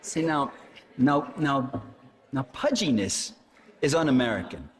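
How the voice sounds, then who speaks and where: A man's voice: medium pitch, lively intonation, unhurried, slight background noise. Sardonic New man lecturing. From New York. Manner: sardonic, mocking, wry complaining asides. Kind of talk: public talk to an audience. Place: college lecture hall. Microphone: handheld microphone that keeps cutting out.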